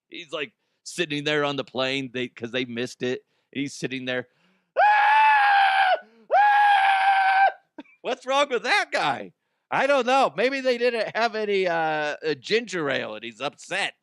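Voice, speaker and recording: A man's voice: fairly high pitch, expressive, a little slow, fairly bright tone, smooth, raised voice. A man hosting a comedic news chat, joking, swearing freely and acting out silly voices. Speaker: host.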